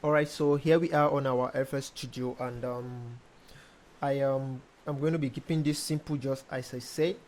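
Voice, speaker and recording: A young man walks through his tutorial in a relaxed, unhurried way, often stopping on an um as he explains each step. His voice sits at an ordinary middle pitch, with a faint hiss in the background. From Nigeria. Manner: relaxed, hesitant with frequent ums, explains step by step. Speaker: music producer teaching mixing. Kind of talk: casual screen-recorded tutorial.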